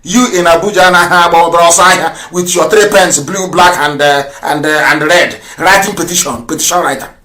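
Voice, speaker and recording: A Nigerian man broadcasting on the radio, combative and fiery, firing off rhetorical questions and sometimes shouting. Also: fairly high pitch, steady tone, unhurried, few pauses. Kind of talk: impassioned political broadcast. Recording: roomy echo.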